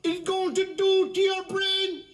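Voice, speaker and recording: A man voicing a stern old nun in a told joke, in a high, slow and prim voice. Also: flat delivery, a bit bright. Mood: disapproving.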